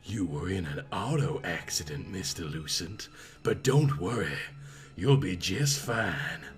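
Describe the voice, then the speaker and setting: Guy putting on a sweet breathy southern nurse lady, low and soft, slow and drawly. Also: lively intonation. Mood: sweet, soothing.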